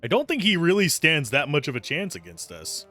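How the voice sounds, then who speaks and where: A man's voice: on the high side, huge pitch swings, brisk, sharp tone, faint music behind. A man giving casual, wry commentary while playing a game. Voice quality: chatty, wry, self-amused. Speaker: game streamer.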